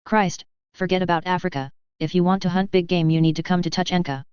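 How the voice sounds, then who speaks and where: A woman's voice: on the low side, fairly even intonation, fast talker, darkish tone, clear, resonant tone, dry recording, natural voice. Brash Australian soldier woman, read by a woman. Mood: blunt. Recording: dull, muffled dry recording.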